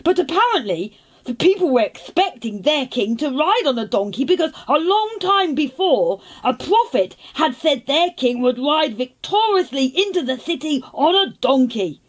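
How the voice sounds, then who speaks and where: A woman's voice: high-pitched, sing-song, normal speed. A woman voicing an eager young boy who tells a children's church lesson in a childlike, storytelling way.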